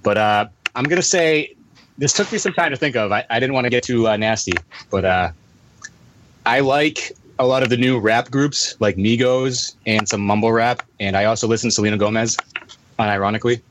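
A man's voice: mid-range voice, fairly quick. A man co-hosting a casual podcast, joking crudely and swearing freely. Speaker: podcast co-host. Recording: audible background noise and typing.

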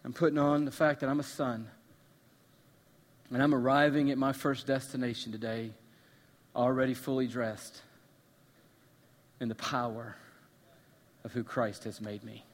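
A male pastor preaching a sermon, swinging from hushed, intimate lines to loud, emphatic repetition. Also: medium pitch, flat delivery, measured pace, pauses often. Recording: long reverb of a large hall.

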